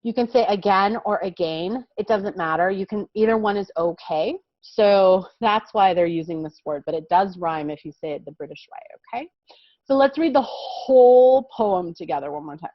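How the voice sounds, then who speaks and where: A woman's voice: mid-range voice, normal speed, no room sound, dull audio. An American woman teaching a kindergarten vocabulary lesson, explaining patiently and encouragingly and often checking that the children follow.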